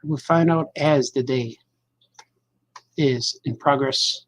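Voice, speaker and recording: A man's voice: mid-range voice, slow pace, long pauses, no echo, low-quality recording. A man cartoonist chatting casually to viewers as he colors his comic pages, rambling as he works. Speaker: cartoonist livestreaming his drawing. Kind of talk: casual live commentary while drawing.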